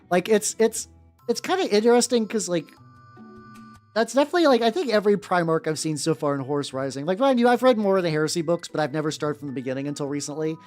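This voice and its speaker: Lively rambling woman streamer. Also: fairly low pitch, fast. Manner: rambling, filler-heavy, casually profane. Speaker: streamer painting miniatures. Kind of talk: casual live-stream chat. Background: faint background music.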